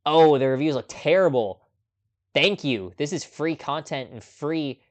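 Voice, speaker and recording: A man's voice: a little high, measured pace. A man hosting a casual live movie chat stream, talking off the cuff with frequent little laughs and ums. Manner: chatty, laughs often, lots of ums. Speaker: host.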